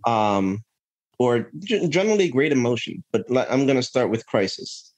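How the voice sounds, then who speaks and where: A man speaking at an ordinary middle pitch, reflective and earnest as a podcast guest. He thinks out loud, restarts his sentences, and keeps checking in with the listener. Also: very animated, normal speed. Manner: earnest, thinks aloud with frequent "right?" and restarts. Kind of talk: reflective conversational storytelling.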